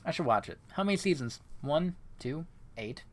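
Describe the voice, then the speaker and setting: A man's voice: a little high, normal speed, noisy background. A man giving joking, casual commentary while playing a game. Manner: joking, animated asides. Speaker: streamer. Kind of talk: let's play commentary.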